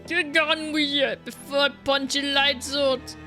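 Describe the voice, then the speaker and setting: A woman voicing a gruff, hostile male prison governor in a blustering mock Scottish brogue, over game music. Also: mid-range voice, animated, takes it slowly, bright, forceful tone.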